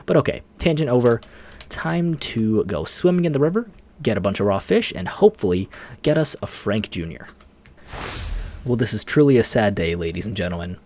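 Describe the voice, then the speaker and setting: Man, let's play host, casual game commentary, rambling, animated pitch. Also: moderate pace. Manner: chatty, rambling, laughs often, lively.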